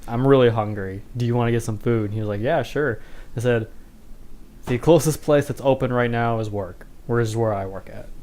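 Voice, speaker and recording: A man's voice: mid-range voice, fairly quick, darkish tone. A man co-hosting a casual podcast chat, laid-back and self-deprecating, often laughing. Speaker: podcast co-host. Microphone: headphones on, at a desk mic.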